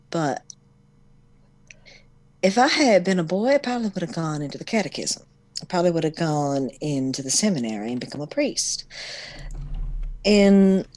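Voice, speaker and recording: A woman's voice: mid-range voice, a little mellow. A woman voicing a fussy, motherly male mentor figure who calls everyone honey, with a put-on drawl. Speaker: tabletop player.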